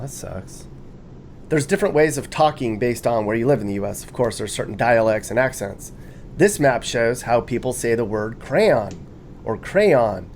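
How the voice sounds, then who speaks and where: A man's voice: medium pitch, a little mellow, a little hiss or hum. A man narrating a video with casual, jokey commentary, often laughing and reading quotes aloud with mock enthusiasm.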